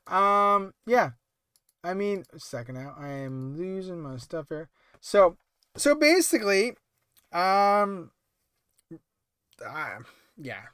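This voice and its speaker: Livestream host, man, late-night casual chat, tired and rambling, high-pitched, smooth clear voice, dry close sound. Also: fairly bright tone, dry recording. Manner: rambling, halting, many fillers and restarts. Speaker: toy collecting livestream host.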